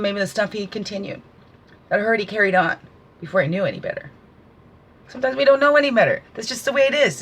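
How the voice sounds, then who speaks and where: A woman's voice: mid-range voice, fairly bright tone. A woman talking through an oracle card reading, giving casual, earnest spiritual guidance with preachy asides.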